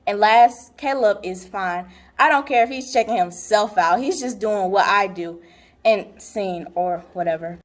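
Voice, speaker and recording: A woman's voice: medium pitch, unhurried, close to an everyday voice. A young woman acting a blunt teenage girl handing out advice in a stage monologue. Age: young adult. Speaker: student actor.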